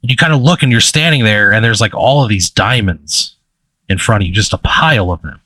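Low-voiced man running a tabletop game. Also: lively intonation, bright, forceful tone, breathy edge, dry recording. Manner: casual, halting, lots of fillers. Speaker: game master.

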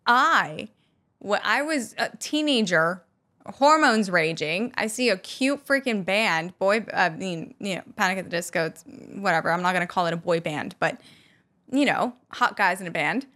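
A young woman telling animated, self-mocking stories to her viewers. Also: medium pitch, measured pace. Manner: animated, self-mocking, acts out quotes in loud squeals. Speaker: vlogger. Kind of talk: casual storytelling to camera.

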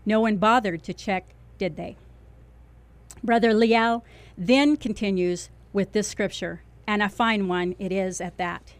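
A woman delivering a fervent religious warning as a self-styled watchman, declaiming with heavy emphasis and dropping low on key words. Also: a little slow, no echo. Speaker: self-described watchman preacher.

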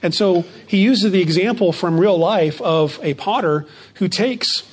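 Emphatic pastor, higher-pitched man. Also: slightly rough. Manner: slows down and stresses key phrases; repeats words when starting a phrase. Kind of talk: sermon.

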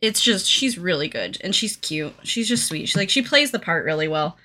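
A woman's voice: on the low side, lively intonation, moderate pace, bright, forceful tone. A woman co-hosting a podcast, discussing a movie in casual chat, hesitant and full of filler words. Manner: hesitant, filler-heavy, chatty. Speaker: podcast co-host.

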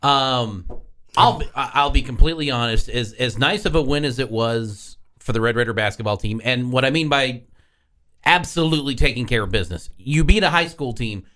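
A man's voice: medium pitch, a little fast, bright, forceful tone. A man hosting a sports talk radio show, talking in an exasperated, sarcastic way.

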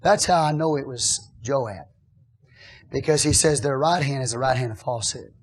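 A man preaching a sermon as pastor, swinging from hushed, conversational asides to loud, shouted declarations. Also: medium pitch, moderate pace, slightly rough.

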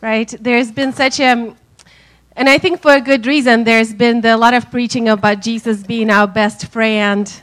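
A woman sharing thoughts in a sermon, measured and thoughtful. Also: fairly high pitch, fairly even intonation, a bit bright.

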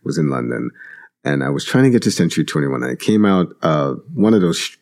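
A man's voice: sits low, sing-song, brisk, vocal fry, a little mellow. A man co-hosting a casual talk podcast, telling stories loosely with many fillers and restarts. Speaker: podcast co-host. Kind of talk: casual conversation.

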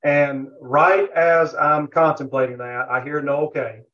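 Fairly high-voiced man telling a rambling story. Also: steady tone, slow pace, fairly bright tone, a little hiss or hum. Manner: rambling anecdotal telling, many fillers. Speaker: competition barbecue cook, podcast guest. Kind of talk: casual storytelling interview. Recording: dull lo-fi audio.

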